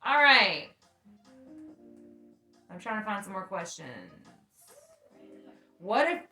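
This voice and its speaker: Speaking slowly with an expressive, sharp tone in a mid-range voice, a young woman co-hosting a podcast laughs and tells frank stories full of swearing. The casual, candid chat is captured in an echoey room where faint music plays.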